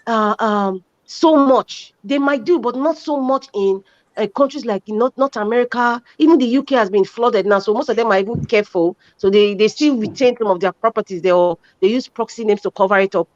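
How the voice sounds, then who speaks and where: A woman with a Nigerian accent arguing forcefully as a guest on a panel talk show. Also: a little high, fairly quick, no echo, muffled recording. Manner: forceful, emphatic, talks over others. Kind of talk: heated panel discussion.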